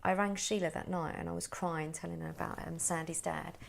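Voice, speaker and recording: A woman's voice: low-pitched, steady tone, brisk, vocal fry. A woman who is a podcast guest, vividly retelling a personal story and acting out the people in it. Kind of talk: personal conversation.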